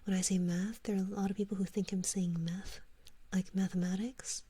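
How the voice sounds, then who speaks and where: A woman from Canada with a Canadian accent, softly whispering as she chats with viewers in an ASMR stream. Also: mid-range voice, flat delivery, breathy edge. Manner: soft whispering, chatty and drawn-out words.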